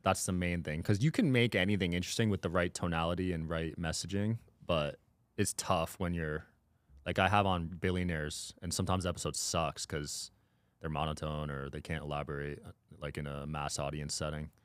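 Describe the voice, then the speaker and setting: A man as a podcast guest in casual chat, matter-of-fact and quick to agree. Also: deep voice, fairly even intonation, clear, resonant tone, no room sound.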